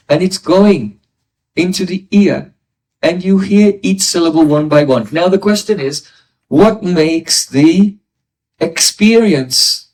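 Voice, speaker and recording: A man's voice: high voice, darkish tone. A man giving a philosophy lecture as a spiritual teacher, explaining step by step and asking rhetorical questions. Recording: voice distant from the mic.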